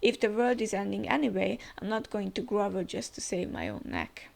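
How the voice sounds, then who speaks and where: A woman's voice: mid-range voice, normal speed, gravelly, a little mellow. A woman reading the lines of a proud young princess aloud, in a defiant, indignant manner. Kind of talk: reading manga dialogue aloud.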